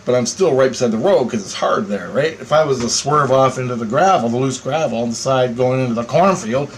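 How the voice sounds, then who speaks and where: A man telling a story in a rambling, profane monologue, swearing constantly and getting animated as he tells it. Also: medium pitch, brisk, slight background noise. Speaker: vlogger.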